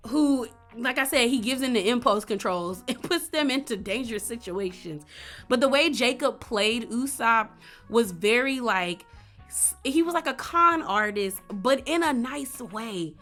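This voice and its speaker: Animated, bright-voiced woman vlogger. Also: fairly high pitch. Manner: animated, emphatic, slangy. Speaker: vlogger reviewing a series. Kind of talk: casual review chat.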